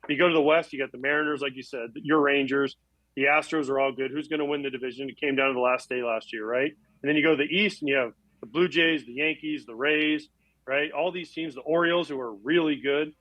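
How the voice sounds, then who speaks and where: A man's voice: mid-range voice, steady tone, fairly bright tone, no room sound, low-quality recording. A man in his forties, a former baseball catcher, chatting as a guest and telling stories about himself. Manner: fast, chatty, self-deprecating storyteller. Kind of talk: casual chat.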